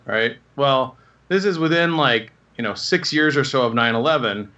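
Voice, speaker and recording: A man in his thirties telling rambling, animated anecdotes in casual conversation. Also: mid-range voice, normal speed, muffled recording. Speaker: guest telling stories. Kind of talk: casual storytelling.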